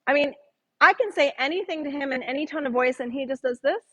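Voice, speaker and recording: A woman's voice: sits high, fast talker, a bit bright, poor audio. A middle-aged woman teaching a women's Bible study, chatty and joking with the group. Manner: chatty, jokes with the audience, acts out voices in quotes.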